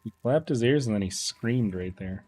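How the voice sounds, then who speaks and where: A man streaming a game, chatting casually and playfully teasing his chat, often dropping into quiet muttering. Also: lowish voice, normal speed. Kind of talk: casual live-stream commentary.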